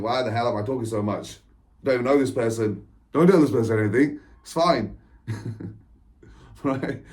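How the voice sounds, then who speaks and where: A man's voice: mid-range voice, a little mellow. A man, an author and spiritual coach, telling a personal story to camera in a meandering way, with restarts, laughs and frequent "right?" checks. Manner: breaks into short laughs while talking. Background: England.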